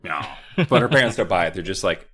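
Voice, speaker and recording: A man casually recapping a book for a podcast, joking and swearing, slipping into quick character voices. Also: low voice, animated, a bit bright, husky. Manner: profane, jokey, acts out characters in quick voices.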